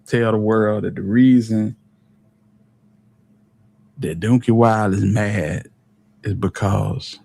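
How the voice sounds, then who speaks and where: A man's voice: lowish voice, steady tone, slow, gravelly, long pauses, dark tone. A man from Alabama, talking casually and wryly as a commentary host. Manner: wry, disbelieving, conversational.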